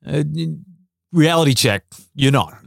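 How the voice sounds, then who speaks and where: A young Australian man on a casual podcast, telling lively stories, swearing freely and laughing often. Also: mid-range voice, measured pace, gravelly, no room sound, studio quality. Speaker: podcast guest, former basketball player.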